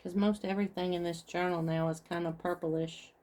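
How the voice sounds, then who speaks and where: Mellow, low-voiced woman crafting on camera. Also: little pitch movement, brisk. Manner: chatty, talks through each step to viewers. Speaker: craft vlogger. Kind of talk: casual craft tutorial chat.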